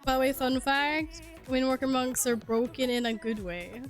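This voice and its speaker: Live-streaming a game through a headset mic, a young native Swedish speaker chats away animatedly, swearing freely and laughing a lot. Her voice is high and her pace moderate, with faint music playing behind her in this casual stream chat.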